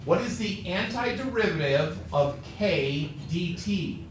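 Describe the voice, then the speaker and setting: Working through a calculus problem in class, a tired math teacher jokes with his students, his high voice lively in intonation but slow in pace. The lecture is captured in an echoey classroom with a little faint noise.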